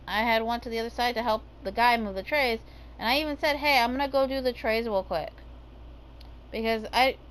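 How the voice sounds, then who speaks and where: A woman's voice: fairly high pitch, a bit bright, a little hiss or hum, low-quality recording. A woman ranting casually about her day, swearing heavily and using lots of fillers. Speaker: gaming vlogger.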